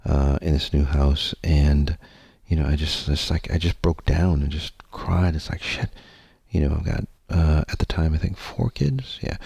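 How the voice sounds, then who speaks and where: A man's voice: rumbling low, measured pace, gravelly, a little mellow, husky, no room sound. A man hosting his own podcast, telling a personal story in a candid, meandering way, swearing freely and using many fillers. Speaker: podcast host.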